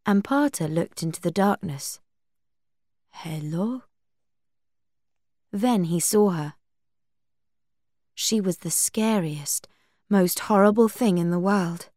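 A woman narrating a storybook aloud, reading slowly and deliberately. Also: medium pitch, darkish tone, no echo, clean studio sound.

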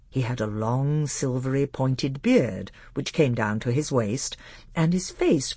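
A narrator reading a children's fantasy novel aloud in an expressive, animated storytelling manner. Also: medium pitch, gravelly, husky, no echo, clean studio sound.

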